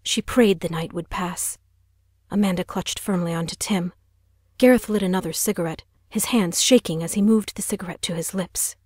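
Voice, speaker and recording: Female audiobook narrator, lower voice, tense dramatic telling, dry close recording. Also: moderate pace, darkish tone, dry recording. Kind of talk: scripted narration.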